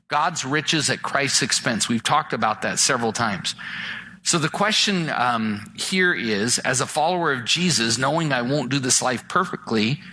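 A man preaching a sermon as a pastor, talking conversationally and slowing down to stress key phrases. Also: a little high, bright, forceful tone, slight background noise, rough recording. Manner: conversational preaching, acts out imagined voices; slows down for emphasis on key phrases.

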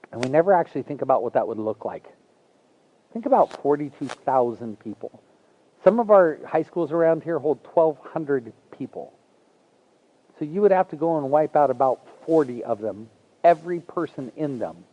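A man's voice: on the high side, highs cut off. Earnest, chatty preaching man. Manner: conversational, earnest preaching with folksy asides. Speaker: pastor. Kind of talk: sermon.

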